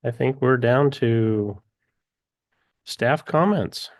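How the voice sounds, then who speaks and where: A man chairing a public commission meeting, running the votes briskly. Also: medium pitch, no echo, clean studio sound. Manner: brisk, procedural.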